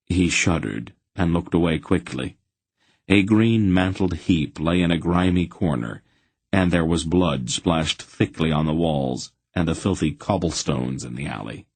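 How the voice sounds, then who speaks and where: Deep husky male audiobook narrator. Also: darkish tone, dry recording. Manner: puts on voices for many characters. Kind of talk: scripted fantasy audiobook narration.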